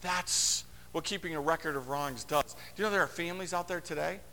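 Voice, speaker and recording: Lively pastor, talks to the congregation like a friend, voices the characters in his stories, bright tone, big reverberant hall. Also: a little fast, a little hiss or hum. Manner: animated, conversational, acts out quotes with big pitch swings. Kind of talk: sermon.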